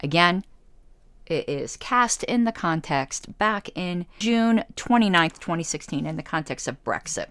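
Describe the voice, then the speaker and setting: A woman's voice: fairly low pitch, animated, unhurried, fairly bright tone, smooth, dry recording. Woman, radio talk host, sarcastic, argumentative, dry close studio sound. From United States. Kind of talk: reading and rebutting an article.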